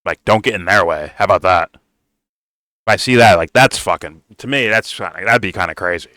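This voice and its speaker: A man's voice: deep voice, fairly quick, sharp tone, no room sound. A man ranting bluntly in reaction to a political video, swearing constantly and calling the listener "bro.". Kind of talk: profane reaction rant.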